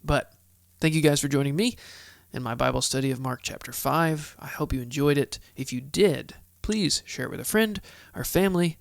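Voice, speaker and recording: A man's voice: fairly high pitch, normal speed, gravelly, few pauses, no room sound, clean studio sound. A man hosting a solo Bible study podcast, chatty and heartfelt, thinking aloud as he goes. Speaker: podcast host.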